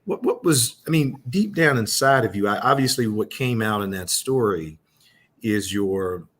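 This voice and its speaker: Low-voiced male interview host. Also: expressive, a bit bright, breathy edge. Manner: halting, repeats phrases as he frames questions. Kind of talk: conversational interview.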